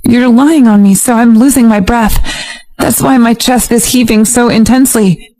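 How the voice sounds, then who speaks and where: A woman doing a flustered young woman, higher voice. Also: fairly even intonation, moderate pace, dark tone, close to an everyday voice, rough recording. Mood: indignant. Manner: exasperated, protesting.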